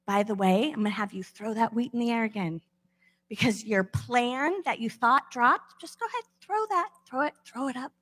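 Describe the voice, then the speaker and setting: A woman's voice: a little high, moderate pace, a bit bright, slightly rough. Woman voicing a laid-back, wry God. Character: patient, wry God speaking casually. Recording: long echo of a large hall.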